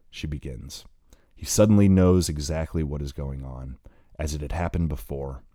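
Super deep dark voice, guy reading an audiobook slow and plain, dry close mic. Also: no room sound. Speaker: audiobook narrator. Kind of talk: audiobook narration.

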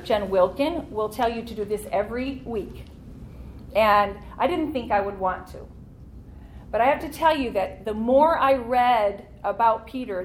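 A woman's voice: on the high side, slight background noise. A woman teaching a church Bible study class in an earnest, conversational way, leaning into key points.

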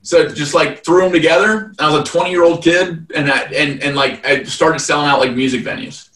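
A man's voice: fairly high pitch, fairly even intonation, normal speed, pushed and bright. A man in his thirties, a guest telling stories in a casual interview, rambling with lots of fillers and restarts. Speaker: guest, fight event promoter. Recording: roomy, distant mic.

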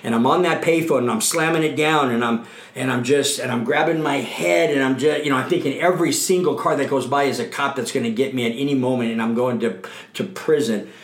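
A man's voice: medium pitch, brisk. A middle-aged man giving a candid, earnest account of his own past in an interview. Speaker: guest. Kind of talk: personal recovery testimony. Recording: roomy echo.

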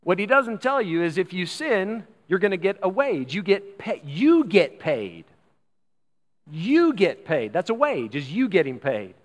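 This male pastor's sermon is emphatic and very animated, delivered in a high-pitched voice that trails a long reverb tail. He slows down to lean on key phrases and acts out the voices of those he quotes.

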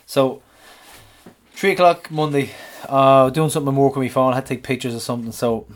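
A man, co-hosting a podcast and animatedly retelling his week, swearing and shouting out the lines he quotes. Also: mid-range voice, fairly even intonation, brisk. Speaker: podcast co-host. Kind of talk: casual storytelling chat.

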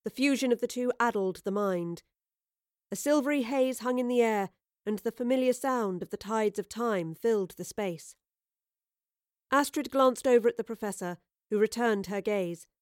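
Woman narrating a story, smooth and clear. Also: medium pitch, no echo, clean studio sound. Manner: steady, expressive storytelling. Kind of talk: scripted narration.

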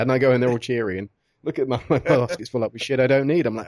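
A man's voice: medium pitch, very fast, a little mellow, no room sound, clean studio sound. A man from England with an English accent hosting a podcast, chatting casually, self-deprecating and chuckling. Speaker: podcast host. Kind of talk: casual chat.

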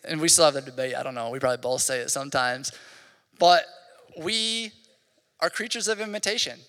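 Man, 30s, pastor, casual sermon, rambling, bright tense voice, long hall echo. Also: medium pitch, a little fast. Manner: casual, rambling, heavy use of "like". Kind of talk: conversational sermon. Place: church hall.

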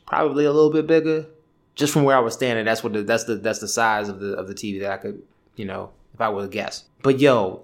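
A man in his thirties hosting a podcast alone, telling a rambling, profane story in casual chat. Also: mid-range voice. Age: 30s. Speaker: podcast host. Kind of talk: casual solo rant.

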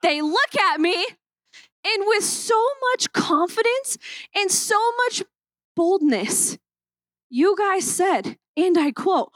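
A woman's voice: extremely high pitch, animated, takes it slowly, a bit bright, no room sound. A young woman pastor opening a sermon with playful, self-mocking stories from a church stage.

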